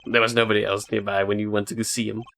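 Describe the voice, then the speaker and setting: A composed, formal prosecutor, read by a man, low-key and measured. Soft game music sits under the voice. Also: flat delivery, gravelly. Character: cool, dry, formal male prosecutor.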